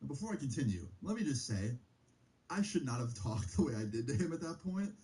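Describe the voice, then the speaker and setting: Mellow-voiced young guy telling a story. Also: mid-range voice, big pitch swings, a little fast, rough recording. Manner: rambling, profane, heavy use of filler like. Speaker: streamer. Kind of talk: casual storytime.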